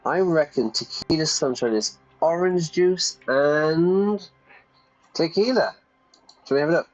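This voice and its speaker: A man's voice: mid-range voice, lo-fi sound. A British or Irish man teaching English while reading game dialogue aloud and explaining phrases. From Britain or Ireland.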